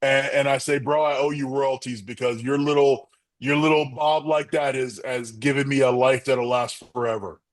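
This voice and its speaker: A middle-aged man tells wrestling stories with lively flair and jumps into the voices of the people in them. His pitch sits mid-range for a man. The recording is dry and close, with no room sound around him. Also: moderate pace, few pauses, dry recording. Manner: animated storyteller, acts out quotes. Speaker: guest, former pro wrestler. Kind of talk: storytelling interview answers.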